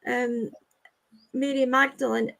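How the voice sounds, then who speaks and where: High-pitched woman medium, gentle and halting, reassuring tone. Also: flat delivery, gravelly. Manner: halting, repeats phrases, soothing with "okay, sweetheart". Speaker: medium giving readings. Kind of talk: live online spirit reading.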